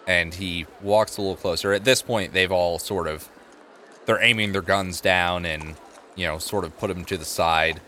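A man with a very low, deep voice runs a tabletop game, narrating in a relaxed, easygoing way. A faint hiss of noise sits behind him. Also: moderate pace. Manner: relaxed, improvising, laid-back. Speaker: game master.

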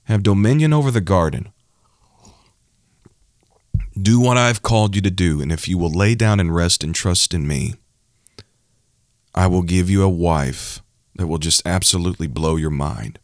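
A man's voice: low voice, moderate pace, dry recording, clean studio sound, lightly acted. A man voicing God addressing Adam, solemn and promising, in a sermon retelling. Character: God speaking to Adam, commanding and kindly.

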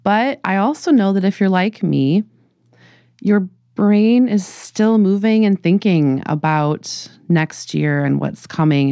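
A woman's voice: on the low side, creaky, a little mellow, dry recording, studio quality. A woman co-hosting a casual podcast, upbeat and enthusiastic, talking about summer learning for teachers. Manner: upbeat, enthusiastic, quick to laugh. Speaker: podcast co-host, ed-tech organizer.

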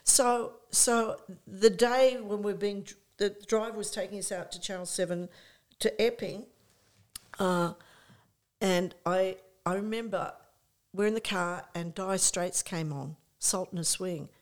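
An older woman, a guest in an interview who tells lively stories, acts out her own past thoughts and often says "you know". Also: medium pitch, measured pace. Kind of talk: conversational anecdote.

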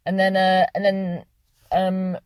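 A woman's voice: medium pitch, monotone, slow pace, darkish tone, dry recording. Young woman, casual vlogger, rambling and sweary, dry in-car sound. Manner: rambling, swears freely, chatty. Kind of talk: casual chatty vlog monologue. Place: sitting in a parked car.

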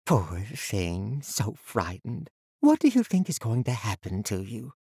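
A man doing a chatty, motherly woman supervisor whose sweetness hides something sinister, her pitch swooping up and down as she coos and coaxes. The voice is a little husky, read in a dry, close audiobook recording. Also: wildly swooping pitch, a little slow, a little mellow, no echo, full character voice. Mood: sweetly menacing. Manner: gushing, motherly and coaxing. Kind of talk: audiobook character voice.

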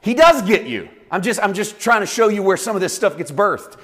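Guy preaching in church, chatty and animated, kinda high voice. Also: a little fast. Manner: conversational, animated, with acted asides. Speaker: pastor. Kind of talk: sermon.

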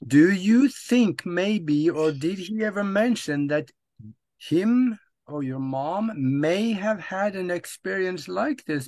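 Male interview host, high-pitched, unhurried questions. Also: dry recording. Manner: brief affirmations, measured questions. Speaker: podcast host.

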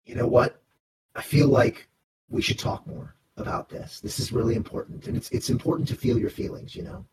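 A man in a whispered role-play as a hushed confiding crewmate. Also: mid-range voice, level tone, a little fast, background noise, voice pushed down, natural voice. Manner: hushed and gently earnest.

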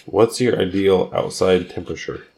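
A man co-hosting a podcast, teasing and firing off quick questions in casual chat. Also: low-pitched, fairly even intonation, vocal fry, darkish tone. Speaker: podcast co-host.

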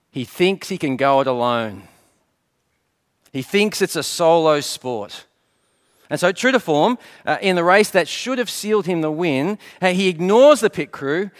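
Middle-aged man, pastor giving a sermon; expressive, rising and falling voice, light humour, fond of rhetorical questions. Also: on the high side. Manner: asks rhetorical questions and answers them; light storytelling with gentle humour.

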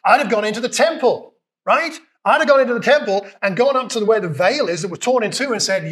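A man with a British accent preaching a conversational sermon, retelling scripture and acting out lines with lively emphasis. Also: sits high, a little fast. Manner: conversational, animated, acts out quotes with raised voice.

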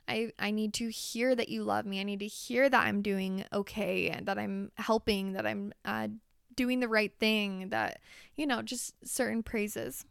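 A woman's voice: mid-range voice, fairly even intonation, measured pace, vocal fry, clear, resonant tone, dry recording, studio quality. A woman hosting a podcast, talking candidly and confessionally in a chatty way and swearing casually. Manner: chatty, with frequent fillers. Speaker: podcast host. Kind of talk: casual solo podcast monologue.

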